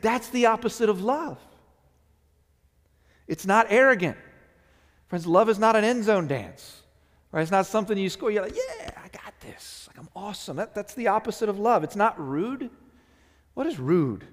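Pastor with a raised voice in a hall. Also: male voice, on the high side. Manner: conversational, animated storytelling with playful acted-out quotes. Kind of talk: sermon.

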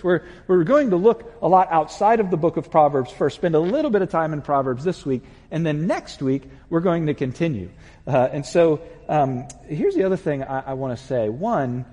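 A husky-voiced man preaching from the pulpit, his voice lively and somewhat high for a man, swinging up and down as he tells a personal story. He slips in and out of the voices of people in it. The sound carries a long reverb from a large church hall. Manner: animated, acts out voices while telling a story. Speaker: pastor. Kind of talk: sermon with storytelling.

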